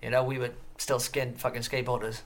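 A man telling stories as an interview guest, rambling and excitable, swearing constantly. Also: mid-range voice, fast. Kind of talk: casual storytelling interview.

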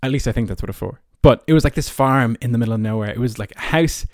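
A man in his early twenties with an Irish accent hosts a podcast, speaking fast in a mid-range, darkish voice captured at studio quality with no room sound. He tells personal stories casually and chattily, rambling and peppering them with "like" and "you know."

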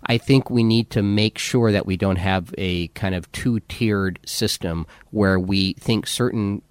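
A man co-hosting a podcast, talking in a wry, teasing way and quick to laugh. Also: lowish voice, clean tone, no echo. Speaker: podcast co-host. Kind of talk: casual conversation.

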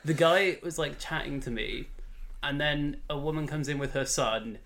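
Bright-voiced young man telling funny stories. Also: normal speed, vocal fry. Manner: animated, laughing, mimics others in lower voice. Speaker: podcast co-host. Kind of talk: casual comedic storytelling.

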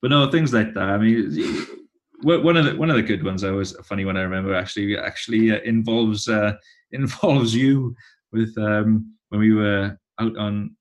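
A man in his thirties with a lowish voice chats casually as a guest. He rambles and repeats himself, circling back through his stories. The delivery is relaxed and conversational. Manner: rambling, halting, many restarts. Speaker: touring musician, guest.

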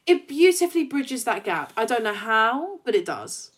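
A woman co-hosting a fan podcast, recounting scenes in a chatty, animated way and acting out the characters' lines. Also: a little high, normal speed. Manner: chatty with many fillers. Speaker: podcast co-host. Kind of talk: casual fan chat.

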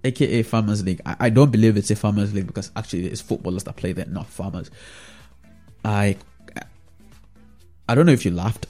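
A man with a fairly low, mellow voice talks through his football opinions in a loose, rambling monologue. He keeps tossing in tag questions to the listener as he goes. Faint music sits low behind him. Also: brisk, pauses often. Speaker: football fan vlogger.

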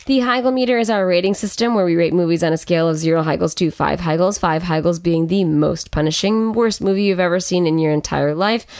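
A woman co-hosting a casual movie review podcast, retelling scenes with sarcastic, animated commentary. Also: on the low side, a little fast, few pauses. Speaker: podcast co-host.

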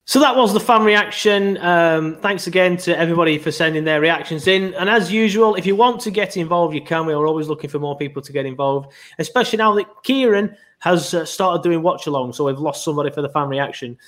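A man with a slightly raised pitch hosts a podcast in a loose, chatty way. He rambles, fills gaps with ums and uhs, and corrects himself as he goes. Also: fast talker, few pauses, a bit bright, faint music behind. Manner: rambling, filler-heavy, self-correcting. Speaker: podcast host. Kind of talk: casual podcast chat.

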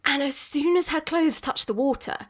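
A woman's voice: sits high, moderate pace. A woman co-hosting a podcast, telling a story in casual chat, slangy and full of laughs. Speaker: podcast co-host.

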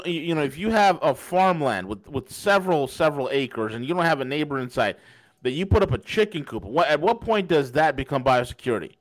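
A man hosting a political podcast, ranting angrily with profanity and repeating himself. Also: a little high. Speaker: podcast host. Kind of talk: angry political monologue.

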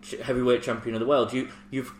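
Male co-host, mid pitch, supportive chat, roomy echo. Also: flat delivery, fast, a little hiss or hum. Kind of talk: casual chat. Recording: roomy echo, faint background.

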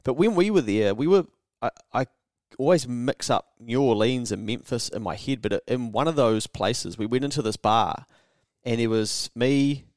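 Young kiwi guy, new zealand accent, yarning away all animated and sweary, mid-pitched voice, dry close sound. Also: moderate pace, no echo. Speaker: podcast co-host. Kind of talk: casual storytelling chat.

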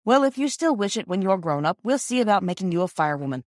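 A woman reading the part of a cheerful, handy Victorian father in a storybook, in a brisk manner. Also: medium pitch, sing-song, darkish tone, dry recording, clean studio sound, lightly acted.

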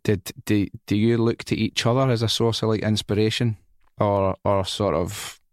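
A Scottish man hosting a podcast, relaxed and chatty, swearing casually as he asks questions. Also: fairly low pitch, moderate pace, no room sound, studio quality. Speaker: podcast host. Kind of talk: casual interview chat.

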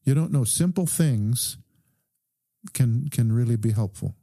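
A man, a doctor guest on a podcast, calmly telling a story and quoting the people in it. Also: medium pitch, no echo, studio quality. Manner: calm, measured recounting with quoted dialogue. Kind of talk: conversational storytelling.

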